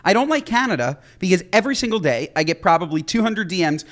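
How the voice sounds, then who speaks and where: Animated young man, lively pitch. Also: fast talker. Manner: animated, blunt, swears casually. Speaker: podcast co-host. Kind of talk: casual chat.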